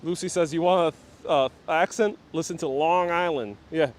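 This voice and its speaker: A man's voice: a little high, fast. A man from New York City hosting a live walking tour outdoors, chatting with viewers and reading out and answering their comments. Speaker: walking-tour livestream host.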